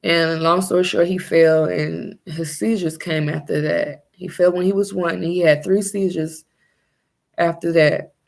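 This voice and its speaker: A young woman telling her own story as a mother in a personal vlog, halting and searching for her words. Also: fairly low pitch, steady tone, gravelly, a little mellow.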